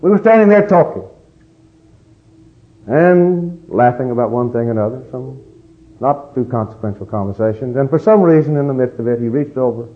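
A middle-aged man delivers a sermon as an animated storyteller, sometimes booming and sometimes dropping to a hush. His voice sits at an average pitch for a man. The recording is a little dull and lo-fi. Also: fairly quick. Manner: animated storyteller, acts out voices, swings from loud to hushed. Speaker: pastor.

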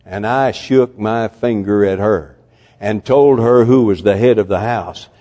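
An older man preaching a sermon, telling stories, swinging from loud and high to hushed. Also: a little slow. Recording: long hall reverb.

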